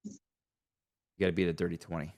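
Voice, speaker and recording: Man game master, very deep voice, gravelly, rambling narration with fillers. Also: fairly quick. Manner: relaxed, rambling, with many fillers.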